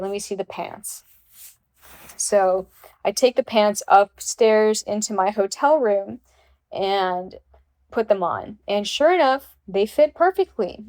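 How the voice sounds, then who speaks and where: A young woman vlogger telling a casual storytime, swearing freely and acting out the people in it with sudden jumps in her voice. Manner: animated, swears freely, acts out quotes with pitch jumps.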